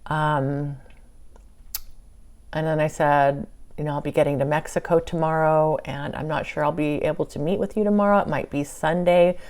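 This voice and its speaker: Low-voiced woman recounting a channeling session. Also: normal speed. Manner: animated retelling with quoted dialogue. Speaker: channeler and vlogger. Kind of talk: casual storytelling monologue.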